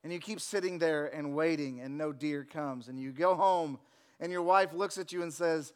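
Man, pastor, high voice, church sermon, storytelling. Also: moderate pace, smooth. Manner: storytelling, acts out voices in anecdotes. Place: church sanctuary.

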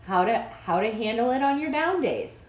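A woman in her forties co-hosting a podcast in casual chat, animated and laughing often with playful asides. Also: a little high, normal speed. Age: 40s. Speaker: podcast co-host. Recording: echoey room.

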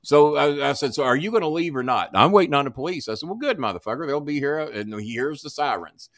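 A man's voice: on the high side, expressive, fairly quick, no room sound, clean studio sound. A man telling a long story as a podcast guest, swearing freely and acting out each person's lines. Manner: profane, acts out dialogue in voices. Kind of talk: animated storytelling.

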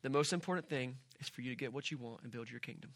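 Middle-aged male pastor, animated conversational sermon, bright voice, dry close sound. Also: medium pitch, fast talker, dry recording. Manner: animated, conversational preaching with asides.

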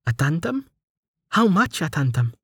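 A man voicing a sharp, quick-thinking young woman healer in an audiobook, speaking quickly and eagerly. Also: high-pitched, husky, no room sound, clean studio sound, voice pushed up.

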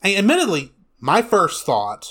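Man, 30s, somewhat high-pitched, measured, dry, casual film chat. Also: huge pitch swings, fairly bright tone. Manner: measured, deliberate, dryly teasing. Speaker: co-host. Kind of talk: calm film review chat.

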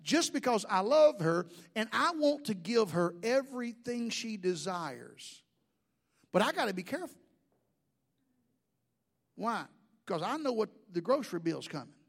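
A man. He keeps the sermon lively with jokes, asides and stumbling restarts. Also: sits high, unhurried, vocal fry, pauses often, husky. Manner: animated, joking storyteller with many restarts. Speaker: pastor.

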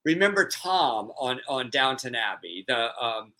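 A man's voice: mid-range voice, sing-song, a little slow, pushed and bright. A man co-hosting a podcast, chatting casually in a rambling, hesitant way with lots of fillers. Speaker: podcast co-host. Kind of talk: casual chat.

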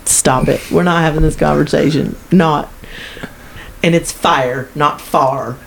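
A woman's voice: low-pitched, little pitch movement, unhurried, vocal fry, slight background noise, poor audio. A woman co-hosting a podcast, laughing often and playfully scolding her partner. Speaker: podcast co-host. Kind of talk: casual podcast banter.

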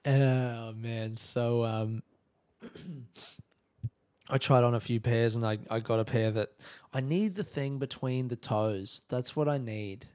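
A man's voice: mid-range voice, slow pace, pauses often, mellow, clean tone. Rambling, swearing young Australian man. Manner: rambling, self-correcting, swears often, laughs at himself. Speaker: comedian and travel podcaster. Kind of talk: casual travel diary chat.

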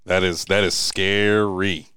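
Laid-back male podcast host, lowish, smooth voice. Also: little pitch movement, slow pace, bright, forceful tone, dry recording. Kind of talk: casual interview chat.

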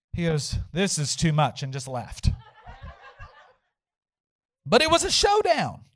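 A male pastor preaching a sermon, telling a story and acting out the quotes with sudden shouts. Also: high voice, big pitch swings, unhurried, pauses often, dry recording, poor audio.

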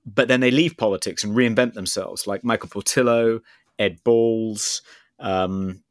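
A man with a lowish voice chats about politics on a podcast, weighing each point and pausing to find the right words. The sound is dry and close, with no room around it. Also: steady tone, no room sound. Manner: measured, searching for words. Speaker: podcast co-host. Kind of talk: casual political chat.

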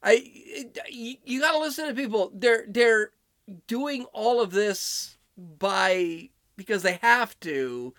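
A man's voice: high voice, animated, slow, fairly bright tone, no room sound. A man giving political opinion commentary on clips he plays, indignant and sarcastic. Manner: indignant and sarcastic, mocking voices.

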